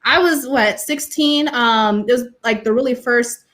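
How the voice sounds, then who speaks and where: A woman's voice: fairly high pitch, a little slow, a bit bright. A young adult woman from California, a teacher, speaking on a panel and sharing personal experiences earnestly and passionately, often saying "you know".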